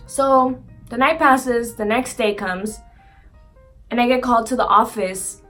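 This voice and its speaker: A woman's voice: fairly high pitch, unhurried, bright, forceful tone, faint music behind. A young woman telling a story casually on her channel, full of "like" and swearing, acting out the lines she quotes. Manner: chatty, peppered with "like" and swearing, acts out quoted lines. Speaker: vlogger. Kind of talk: casual storytelling while eating.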